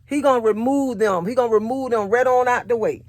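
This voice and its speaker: A woman's voice: on the high side, a little fast, darkish tone, dry recording. Earnest woman giving a faith talk. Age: adult, married. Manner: repetitive, earnest, conversational preaching; personal testimony in casual vernacular. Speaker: faith encourager.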